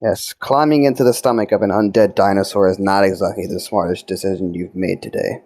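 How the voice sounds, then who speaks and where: A man's voice: low voice, fairly even intonation, a little fast, darkish tone, dry recording. A man playing a tabletop role-playing game, bantering and laughing between rolls. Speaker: player. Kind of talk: tabletop role-play chat.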